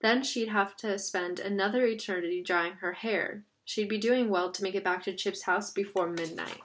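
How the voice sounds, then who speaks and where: Woman narrator, audiobook reading, bright crisp tone, steady and expressive. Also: medium pitch, normal speed, slight background noise.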